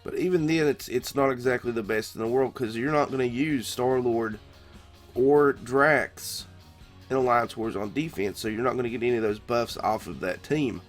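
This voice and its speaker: A man's voice: medium pitch, normal speed, faint music behind. A man with a stuffed-up, congested nose, hosting a casual game guide in a chatty, conversational way. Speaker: gaming channel host.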